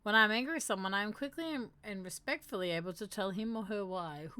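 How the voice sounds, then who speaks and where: A young woman hosting a casual livestream, reading aloud and chatting, animated, laughing and swearing now and then. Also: medium pitch, fairly quick. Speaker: streamer hosting a mental health segment.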